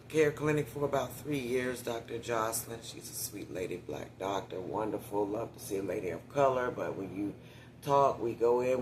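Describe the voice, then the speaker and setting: A man's voice: medium pitch, darkish tone, slight background noise. A man in a casual vlog monologue, chatting directly to viewers with frequent whispered asides and getting short of breath when he talks for long.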